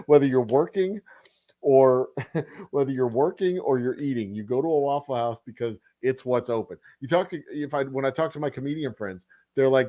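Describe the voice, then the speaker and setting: A man hosting a relaxed livestream happy hour, telling a meandering diner story full of cussing and chuckles. His voice sits at an ordinary middle pitch. The sound is close and dry, with no room echo. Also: normal speed, lo-fi sound. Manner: rambling, profane, chuckling. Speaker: distillery host.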